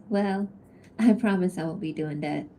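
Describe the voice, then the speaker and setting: A young southern woman with a Cajun accent drawls her lines for an animatic, as a woman puts her on. The voice is mellow and rounded, and the delivery is teasing and unhurried. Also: lowish voice, slight background noise. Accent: attempted Cajun. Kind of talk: animatic voice line takes.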